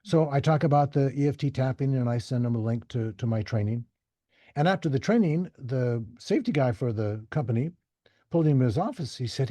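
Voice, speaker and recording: A man talks with a dark, husky tone in a dry, close sound. He tells stories casually and animatedly, jumping high to act out the people he quotes. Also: fairly quick, dry recording. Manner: animated, acts out quoted voices. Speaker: podcast guest. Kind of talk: casual storytelling.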